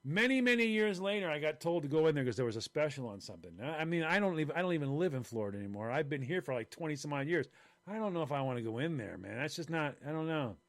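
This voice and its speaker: A man's voice: on the high side, fast, no echo. An older man co-hosting a casual podcast over a video call, telling funny stories and acting out the voices of the people in them. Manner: animated, acts out quoted voices in stories. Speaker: podcast co-host.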